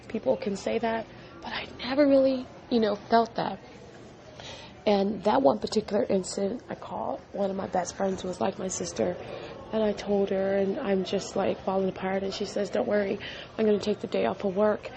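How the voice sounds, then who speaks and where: A woman's voice: medium pitch, vocal fry, darkish tone, a little hiss or hum. A middle-aged woman hosting a podcast, telling a personal story in an earnest, emotional way and repeating phrases for emphasis. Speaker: podcast host.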